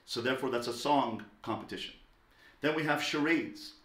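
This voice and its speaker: Emphatic man lecturing in an echoey room. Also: moderate pace. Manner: emphatic, swings between loud stresses and soft low asides. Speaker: parenting teacher.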